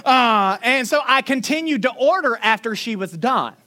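A man's voice: extremely high pitch, animated, normal speed, pushed and bright. A man with a thick Southern accent preaching a sermon in a folksy, chatty, self-mocking way. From Florida Panhandle, US. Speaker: pastor. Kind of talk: sermon with storytelling.

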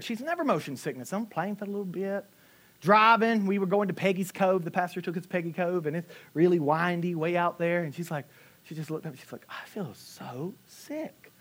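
Man, pastor, sermon, high voice, animated storytelling, loud-to-soft swings. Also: slightly rough. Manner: animated storytelling, acting out quotes with big swings in loudness.

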